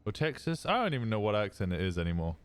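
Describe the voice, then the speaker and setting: Low smooth-voiced English streamer. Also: male voice, sing-song, quick pace. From England. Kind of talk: casual chat with viewers.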